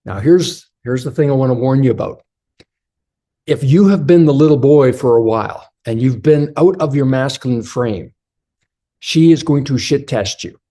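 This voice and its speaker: Male relationship coach, warm, low-key tone, blunt and direct delivery for a men's motivational talk. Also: normal speed. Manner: blunt and direct, addresses listeners as brothers.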